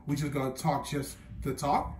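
Speaking at medium pitch with a steady tone and moderate pace, a young man tells a personal story in a loose, filler-packed way, often chuckling at his own expense. The mic sits away from him in a roomy space, and faint music plays.

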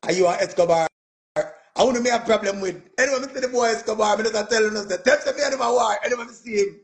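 Laughing as he talks, a Jamaican man who performs music rattles off a bragging tale in a lively, offhand rant full of "man" and "yo." His voice sits high and his delivery is fast.

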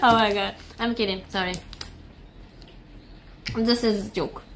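A woman's voice: mid-range voice, steady tone, slow, fairly bright tone, slight background noise. A young woman with a Japanese accent, chatting casually with her live-stream viewers, laughing often and searching for English words.

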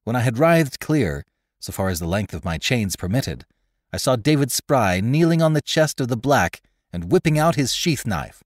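A man narrating a classic adventure story in a scripted, expressive reading. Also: mid-range voice, moderate pace, no echo, clean studio sound. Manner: expressive, lively reading with character voices. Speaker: narrator and host.

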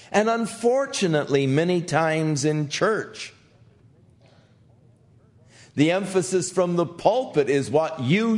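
An older male pastor teaches the Bible conversationally, gentle and unhurried, with an animated pitch. He softly acts out the quotes as he goes.

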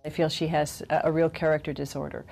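Giggly actress at a press chat. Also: female voice, low voice, little pitch movement, quick pace, creaky, darkish tone, soft background music. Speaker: actress guest.

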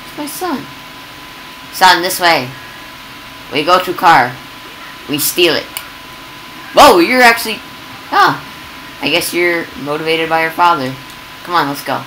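A woman giving excitable, casual commentary over gameplay, yelping and laughing at the chaos. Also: fairly low pitch, slow, long pauses, a little hiss or hum, poor audio.

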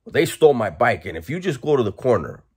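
A man's voice: medium pitch, sing-song, quick pace, darkish tone, breathy edge. A man telling a funny story in a casual, profane way, laughing now and then. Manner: laid-back, profane, laughs while telling. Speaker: storyteller vlogger.

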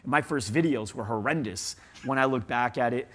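A man speaking as a guest in an interview, animated and storytelling, leaning on "like" a lot. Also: medium pitch, a little fast. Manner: animated, storytelling, says "like" often. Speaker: guest agency CEO. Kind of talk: conversational interview.

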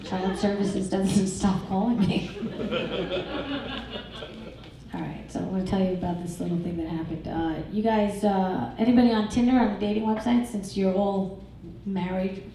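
A middle-aged woman performing a stand-up comedy set, crude and brash with a deadpan, self-mocking delivery. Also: medium pitch, a little slow. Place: comedy club stage. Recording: echoey club recorded from far off.

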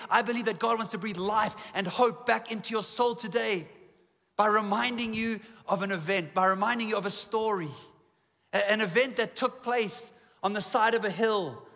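Bright-voiced man preaching in a reverberant hall. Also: high-pitched, normal speed. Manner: humorous, self-deprecating asides; repetitive emphatic lists. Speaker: pastor. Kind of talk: sermon. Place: church auditorium. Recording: long hall reverb in a church.

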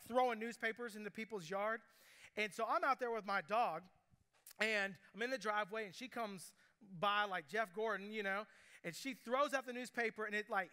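A young man preaching a sermon, telling stories with asides and quick quoted voices. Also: high voice, pushed and bright. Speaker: pastor.

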